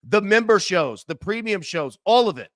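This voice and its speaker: A man co-hosting a sports betting show, talking emphatically and fast, leaning on words like "literally" as he pitches. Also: animated, fairly bright tone, no room sound, studio quality. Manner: fast, emphatic, repeats 'literally'. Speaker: co-host. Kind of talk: excited sales pitch and betting talk.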